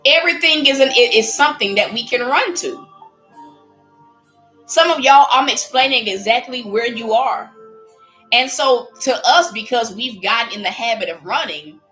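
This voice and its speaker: A woman preaching in a lively, casual way, acting out little voices as she speaks. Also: fairly high pitch, normal speed, faint music behind, poor audio. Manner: animated, playful, acts out voices while preaching. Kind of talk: livestreamed preaching.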